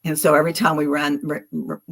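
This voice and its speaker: This tarot livestream host is a woman in her seventies from Philadelphia, USA, whose voice sits low yet sounds a bit bright, with a level tone and quick pace. She chats casually, rambling between stories amid frequent laughter.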